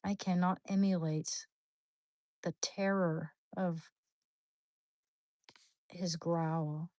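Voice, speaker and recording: A woman hosting a livestream, chatting casually with viewers in a rambling, animated, slangy way, with sudden high squeals. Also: extremely slow, no echo. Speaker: livestream host.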